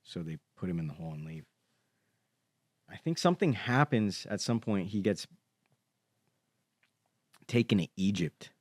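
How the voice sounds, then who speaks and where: A man with a very low voice, wandering through a story with lots of pauses and fillers in a casual podcast chat. The recording is close and dry, with no room sound. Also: expressive, no room sound. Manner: rambling, hesitant storyteller full of fillers.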